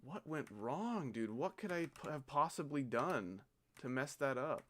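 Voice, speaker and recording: With an expressive, slightly bright voice at medium pitch, a male game streamer speaks at a measured pace. His live commentary is frustrated: incredulous, exasperated bursts and swearing as he reviews an attempt that failed.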